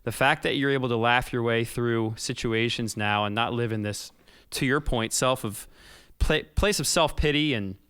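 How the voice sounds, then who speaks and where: A man's voice: mid-range voice, moderate pace, a bit bright, smooth, no echo, studio quality. A man hosting a podcast interview, earnest and encouraging as he asks his guest questions. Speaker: podcast host. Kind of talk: casual interview.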